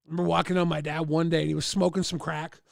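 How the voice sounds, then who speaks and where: Talking very fast in a level tone, this livestream host's high, gravelly voice spills out crude, rambling anecdotes thick with "like" and loose asides. He raises his voice to jump into others' lines. The recording is dry and close, with no room sound.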